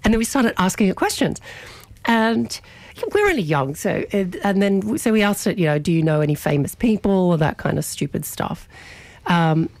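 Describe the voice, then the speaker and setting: A young adult woman radio host telling a story in an animated, chatty way, often restarting her sentences. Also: medium pitch, normal speed, no echo. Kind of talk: casual storytelling chat on radio.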